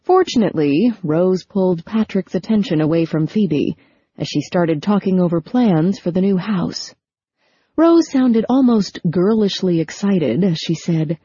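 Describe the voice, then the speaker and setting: Low, husky-voiced woman narrating. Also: expressive, unhurried, dark tone, dry recording. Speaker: audiobook narrator. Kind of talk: scripted narration. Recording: dull lo-fi recording.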